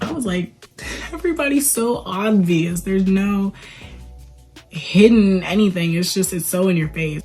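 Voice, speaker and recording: A woman giving a casual movie commentary, retelling scenes in an animated, sarcastic way and swearing now and then. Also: on the low side. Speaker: movie reviewer, channel host.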